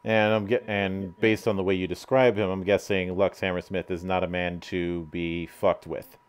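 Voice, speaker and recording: Lowish man hosting with many ums. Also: little pitch movement, moderate pace, smooth. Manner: hesitant, many fillers, swears casually. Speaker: interview host. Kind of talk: casual interview chat. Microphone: video call.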